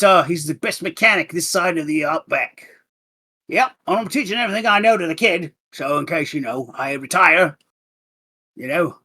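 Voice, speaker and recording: A man voicing an old, chatty Outback mechanic in a high, quavering old-man voice. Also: bright, forceful tone, breathy edge, heavily acted.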